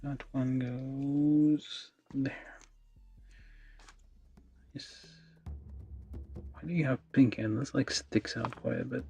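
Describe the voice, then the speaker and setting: Brief: gravelly-voiced man, slow and mumbling, streaming a model build with music underneath. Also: mid-range voice, steady tone, mellow. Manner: mumbling, thinking aloud, many fillers. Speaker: model kit livestreamer. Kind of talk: casual talk while building. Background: background music.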